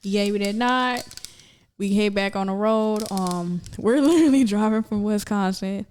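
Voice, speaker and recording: A young woman, a podcast guest, telling a story casually with lots of fillers and acting out quotes in a high voice. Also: moderate pace, slight background noise. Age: young adult. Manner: animated, many fillers, acts out quotes in high voice.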